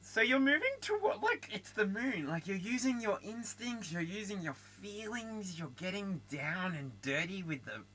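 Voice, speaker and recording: Bright, lively Australian man reading tarot. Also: high-pitched, moderate pace, hardly any pauses, rough recording. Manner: animated, laughs often, chatty asides. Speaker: tarot reader.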